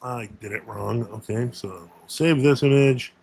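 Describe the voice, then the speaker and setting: A man's voice: medium pitch, a little slow, vocal fry, a little mellow, slightly rough. A man hosting a casual live Q&A stream, talking in a rambling way with many fillers and self-corrections.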